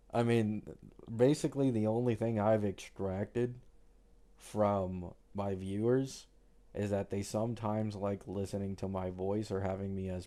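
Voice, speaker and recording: A young Canadian streamer with a slight accent and a warm, lowish voice chats casually on a livestream. He reads viewer questions aloud, answering chat in a laid-back, slangy style.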